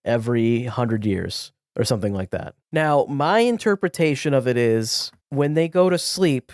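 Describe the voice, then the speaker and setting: A man's voice: medium pitch, animated, normal speed, darkish tone, no echo. Man podcast co-host, rambling and thinking aloud, dry recording. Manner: rambling, thinks aloud, trails off mid-sentence. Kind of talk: casual chat.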